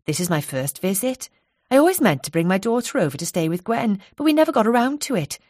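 A woman voicing a newly arrived mother, speaking in a polite, measured and inquisitive way. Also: medium pitch, sing-song, darkish tone, no echo, studio quality, voice pushed up.

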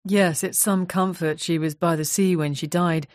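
A woman voicing a numb, soft-spoken widower. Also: steady tone, normal speed, no room sound, studio quality, natural voice. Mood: subdued. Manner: soft, low, numb-sounding. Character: grieving widowed man, quiet and subdued.

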